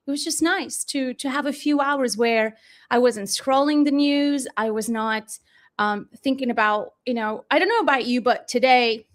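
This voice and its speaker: A woman's voice: sits high, a bit bright. A woman hosting a live online class from home, chatting casually with viewers and swearing now and then. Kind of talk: casual live-stream chat. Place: home, in Dubai. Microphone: desk mic, sometimes moving away from it.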